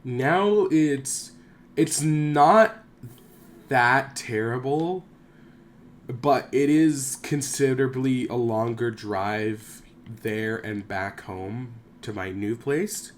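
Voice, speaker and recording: A man's voice: mid-range voice, very slow. A young man rambling casually to camera, swearing often, drifting off topic and poking fun at himself. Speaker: YouTuber.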